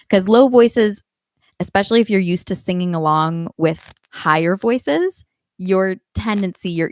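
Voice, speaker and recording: A woman teaching a live online singing class, giving calm instructions and demonstrating warmup sounds herself. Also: on the low side. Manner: coaching, demonstrates vocal exercises between instructions. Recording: dry close sound with faint piano.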